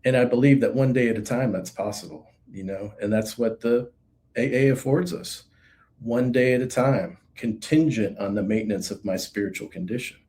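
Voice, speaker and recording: Earnest man with a mellow voice. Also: medium pitch. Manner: earnest, halting, many fillers. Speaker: guest sharing recovery story. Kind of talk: reflective personal testimony.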